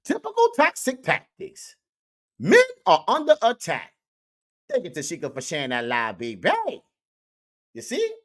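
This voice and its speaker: Animated man preaching online commentary. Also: a little high. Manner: animated, preachy, repeats catchphrases. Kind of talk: comedic social media commentary.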